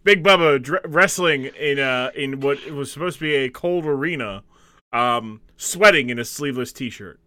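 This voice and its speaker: A man's voice: mid-range voice, moderate pace, pushed and bright, no echo. A man co-hosting a wrestling podcast in casual chat, laughing often and rambling between points. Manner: laughing, rambling, reads facts aloud. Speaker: podcast co-host.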